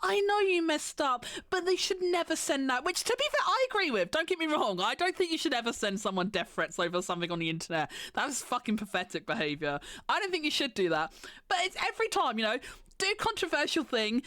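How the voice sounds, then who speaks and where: A woman's voice: a little high, very animated, fast, a bit bright, dry recording. A woman streamer ranting in casual chat, sweary and sarcastic, slipping into mocking voices.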